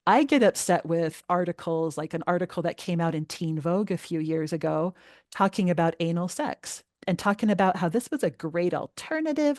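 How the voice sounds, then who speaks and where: Emphatic middle-aged woman, low dry voice. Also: moderate pace, no echo. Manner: earnest, emphatic, animated when upset. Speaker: guest expert on parenting. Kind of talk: podcast interview.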